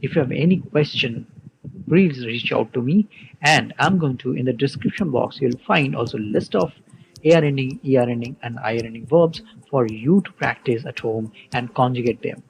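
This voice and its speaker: A man teaching a Spanish verb lesson online, explaining slowly and patiently, with soft music behind. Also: medium pitch, vocal fry, a little hiss or hum, low-quality recording. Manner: slow, patient explaining with spelled-out letters.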